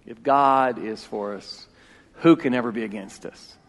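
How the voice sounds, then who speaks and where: A man in his forties preaching a sermon as pastor, emphatic and repeating key phrases, swinging between loud and hushed. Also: medium pitch, a little slow. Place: church sanctuary. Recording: long reverb of a church hall.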